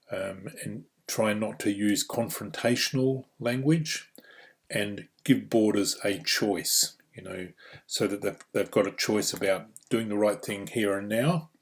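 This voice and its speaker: A fairly low-pitched Australian man leads a training course, explaining each point step by step. He talks through the material plainly and often drops in "you know" and "um" as he goes. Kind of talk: instructional course narration.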